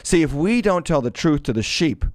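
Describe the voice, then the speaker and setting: A man's voice: fairly high pitch, sing-song, normal speed, darkish tone, no room sound. A middle-aged man hosting his show as a pastor, preaching with emphatic, sarcastic, declamatory delivery. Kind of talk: preaching commentary.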